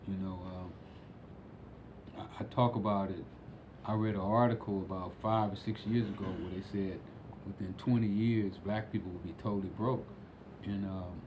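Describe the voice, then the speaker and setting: Guy guesting on a podcast, lowish voice, kinda muffled audio w a faint hum, lots of "you know" and restarts. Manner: unhurried, with many fillers and restarts. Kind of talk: casual conversation.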